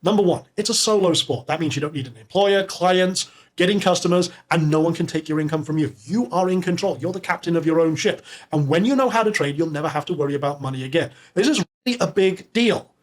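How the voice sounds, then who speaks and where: A man hosting a live online webinar, upbeat and salesy, reading names from the chat and pitching to viewers. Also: fast. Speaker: webinar host.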